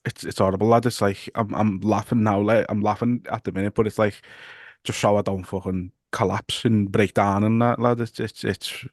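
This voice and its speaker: Male podcast host, Liverpool accent, low flat voice, halting delivery, dry room. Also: dry recording. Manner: halting, stumbling restarts, nervous laughs. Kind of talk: casual podcast chat.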